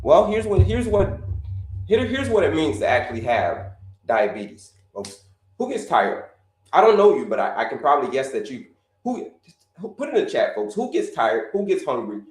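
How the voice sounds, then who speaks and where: A man's voice: fairly high pitch, big pitch swings, moderate pace, reverberant, low-quality recording. A man hosting a live health stream, talking casually, repeating himself, calling listeners "folks" and asking them to type in the chat. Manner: repetitive, addresses listeners as folks, asks them to put answers in the chat.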